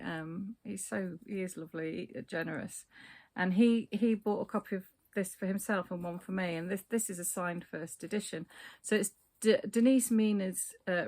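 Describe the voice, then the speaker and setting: A woman's voice: lowish voice, darkish tone. A woman in a casual book vlog, chatting about novels with lots of ums and restarts. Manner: chatty, with many fillers and restarts. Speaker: book vlogger. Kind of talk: casual book chat to camera.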